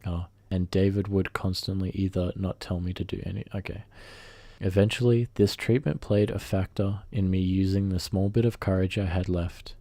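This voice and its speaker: A man with a low, mellow voice reads a first-person revenge story aloud, recorded with no room sound. As the narrator, he reads haltingly, often stumbling and correcting himself mid-sentence.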